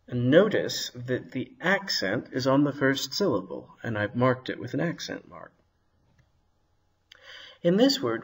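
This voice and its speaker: A man teaching a recorded lesson on Hebrew vowels. He sounds out each word slowly and carefully, with a lively, rising and falling pitch. His voice has a slightly husky edge. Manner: slow, careful sounding out of words. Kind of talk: video lesson.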